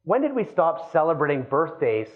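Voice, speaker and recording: A man in his thirties giving a live keynote talk, lively and playful, acting out quoted voices as he goes. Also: a little high, normal speed, phone-quality sound. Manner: animated, acts out quoted voices. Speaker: keynote speaker.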